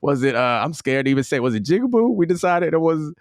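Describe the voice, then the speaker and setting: A man co-hosting a podcast, talking in a thoughtful, measured way and often hedging as he works through ideas. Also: fairly high pitch, sing-song, no echo, clean studio sound. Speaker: podcast co-host. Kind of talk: casual sports and culture chat.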